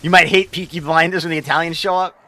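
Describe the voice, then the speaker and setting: A man's voice: fairly high pitch, fairly even intonation, quick pace, pushed and bright. A young man, a game streamer rambling casually and profanely while he answers his chat.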